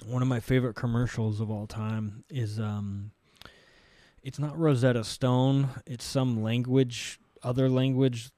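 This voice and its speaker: A man's voice: mid-range voice, a little slow, no room sound. Chatty male podcast host. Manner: chatty, relaxed, fond of acting out scenes. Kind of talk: casual conversational interview.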